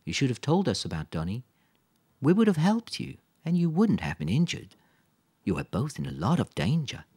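A man reading aloud, voicing a calm father who explains things steadily. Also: mid-range voice, moderate pace, husky, dry recording, clean studio sound, voice pushed up. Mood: explaining. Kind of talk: audiobook character voice.

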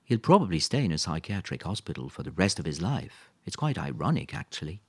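A man's voice: deep voice, sing-song, fairly quick, slightly rough, heavily acted. A man reading aloud, voicing a kind middle-aged mother who explains things patiently. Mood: explaining. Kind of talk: audiobook character voice.

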